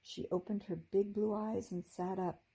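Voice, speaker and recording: Gentle, breathy woman teacher reading aloud. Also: mid-range voice, moderate pace, poor audio. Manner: gentle, expressive storytelling. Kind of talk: reading a children's book aloud.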